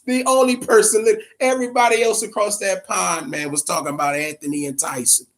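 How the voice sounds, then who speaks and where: A man's voice: sits high, fairly even intonation, fairly quick, fairly bright tone. Profane, blunt man ranting about boxing. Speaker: boxing commentary vlogger. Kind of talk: casual opinion rant.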